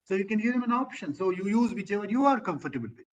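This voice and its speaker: High-voiced man training teachers. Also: very animated, very fast, dull audio. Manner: asks questions of remote centers, quotes classroom phrases. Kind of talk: online training lecture.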